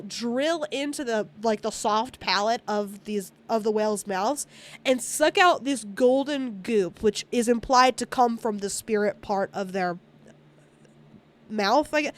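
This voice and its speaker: A woman streamer casually recapping a movie, rambling, swearing often and acting out the characters' lines. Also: on the high side. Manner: rambling, frequent swearing, acts out character quotes.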